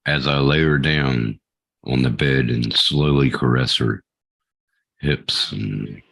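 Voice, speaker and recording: A man's voice: a bass voice, steady tone, takes it slowly, fairly bright tone. A man with an American accent, crude and laid-back, chatting casually on a podcast while tipsy.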